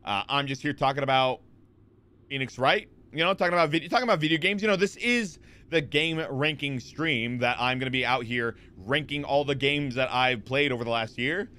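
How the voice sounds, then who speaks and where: A man's voice: mid-range voice, fairly quick, sharp tone, smooth. A man in his twenties chatting casually on a live stream, rambling with lots of fillers and restarts as he answers chat.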